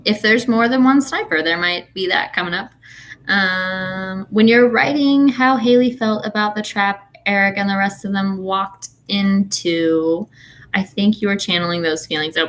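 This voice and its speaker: A woman's voice: mid-range voice, fairly bright tone. A woman in her thirties, an author chatting casually with her readers, telling a story animatedly with fillers and laughs. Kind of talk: casual ranting chat.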